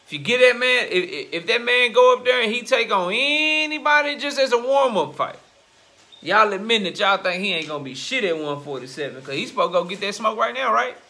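Blunt, heated man with a bright voice. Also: high voice, big pitch swings, fairly quick. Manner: blunt, profane, emphatic, gets louder and heated. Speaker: boxing commentary host. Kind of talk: casual opinion rant.

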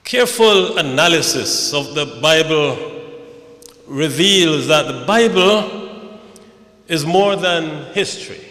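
A man preaching a sermon at a memorial service, slow and measured, building to dramatic recitation. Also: fairly high pitch, sharp tone. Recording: echoey hall.

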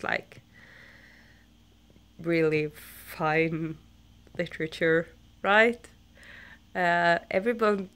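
A woman's voice: on the low side, vocal fry, fairly bright tone. A young woman with a stuffy nose from a flu, telling a rambling story in a casual vlog, full of fillers and self-corrections. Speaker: book vlogger.

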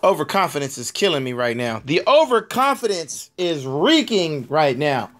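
Hoarse, chatty gaming commentator. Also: male voice, on the high side, big pitch swings, normal speed, fairly bright tone. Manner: chatty, laughs at himself, talks to viewers. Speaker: mobile game commentator. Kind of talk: casual gameplay commentary. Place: home.

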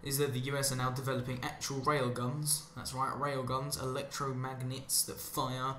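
A man delivers a meandering, sarcastic monologue over gameplay, drifting off on tangents and deadpan asides. His middle-pitched voice sounds roomy and echoey, with faint ambient hiss underneath. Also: moderate pace. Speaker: commentary channel host.

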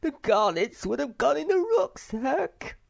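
A squeaky, whiny little storybook creature. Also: male voice, fairly even intonation, extremely slow, gravelly, heavily acted. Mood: miserable. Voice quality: high and whining. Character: small timid greedy creature, whiny and tearful. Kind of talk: audiobook character voice.

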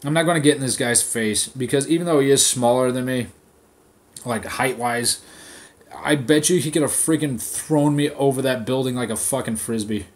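A man hosting a podcast, ranting in a casual, profane style and telling an animated story, recorded on his phone. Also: medium pitch, normal speed. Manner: swears constantly, animated storytelling. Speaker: podcast host.

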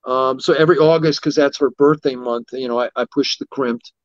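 A middle-aged man, a martial arts instructor, telling rambling, animated anecdotes in a casual interview and acting out what people said. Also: medium pitch, a little fast, no room sound. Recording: dull, dry lo-fi sound.

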